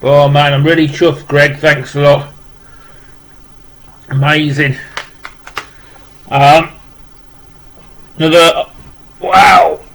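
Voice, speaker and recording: Man, slightly high voice, flat monotone delivery, rambling casual unboxing chat. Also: extremely slow, pauses often, poor audio. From West Midlands, England. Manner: rambling, repeating "wow" and restarting with many fillers. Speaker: vlogger opening a parcel of rock music gifts.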